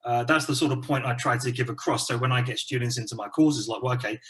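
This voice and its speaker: A man, an English teacher and teacher trainer from England, talking in a relaxed, chatty way with lots of fillers during an interview conversation. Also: mid-range voice, quick pace. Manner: relaxed, chatty, frequent fillers like "you know".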